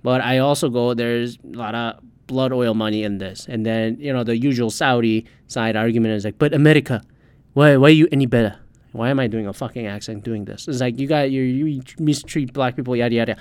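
A man's voice: medium pitch, steady tone, a little fast, hardly any pauses, darkish tone, clean tone, dry recording. A man hosting a podcast, ranting heatedly in casual solo commentary and swearing often. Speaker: podcast host.

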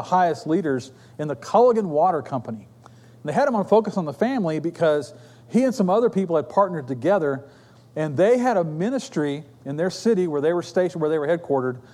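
Chatty preacher in a reverberant church. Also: male voice, on the high side, a little mellow. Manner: conversational storytelling preaching with asides. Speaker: pastor. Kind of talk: sermon. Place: church sanctuary. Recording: long reverb of a church hall.

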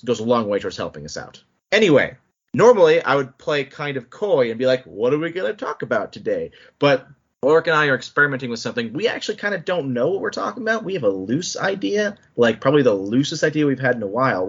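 A man hosts a casual podcast chat at a middle pitch. He is animated, full of quick asides and laughing restarts. The audio is muffled and lo-fi. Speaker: podcast host.

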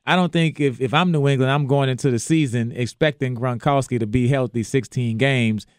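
A man from New Orleans, a former football player, talking sports in a relaxed way, often restarting his sentences. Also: medium pitch, brisk, clean tone, no room sound, studio quality. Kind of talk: casual sports chat.

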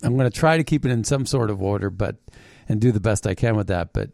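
A man hosting a political commentary show, talking in a mocking, halting way with frequent restarts. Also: on the low side, vocal fry, a little mellow, no echo, studio quality. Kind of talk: opinionated commentary monologue.

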